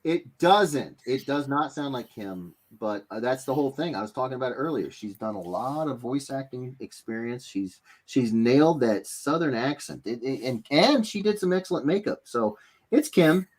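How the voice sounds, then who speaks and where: Livestream host, man, casual rambling chat, very lively pitch. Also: moderate pace. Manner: animated, rambling, with many fillers and restarts. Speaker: host of an art giveaway livestream.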